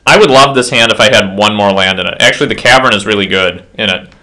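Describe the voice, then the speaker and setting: A man's voice: on the low side, fast talker, pushed and bright. Tipsy man rambling through game commentary. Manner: rambling, self-deprecating asides. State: slightly tipsy. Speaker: player commentating his own match.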